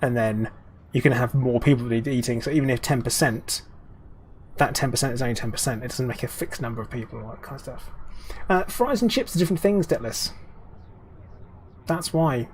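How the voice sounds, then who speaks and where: A man's voice: mid-range voice, a little fast, a little hiss or hum. A British man streaming a game, chatting casually with viewers in a rambling way with lots of ums and restarts.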